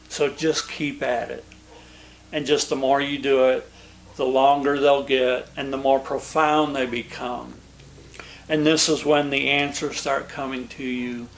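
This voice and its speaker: A man giving a gentle, reassuring meditation lesson, speaking softly with many pauses and restarts. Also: on the high side. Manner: slow, soft-spoken, reassuring, with pauses and restarts. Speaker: meditation teacher. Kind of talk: gentle meditation talk to camera.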